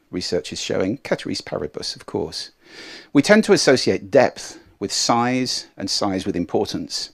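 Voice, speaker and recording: A middle-aged man from England coaches a live audience on speaking. His voice swoops in pitch as he demonstrates registers, dropping from head voice into chest voice and whispers. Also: breathy edge. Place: stage before a live audience.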